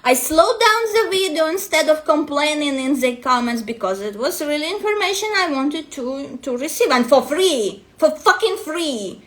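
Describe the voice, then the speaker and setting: A woman's voice: sits high, lively intonation, moderate pace, hardly any pauses, a bit bright. A woman coach with a non-native English accent, ranting bluntly and profanely to her vlog audience. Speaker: destiny matrix coach.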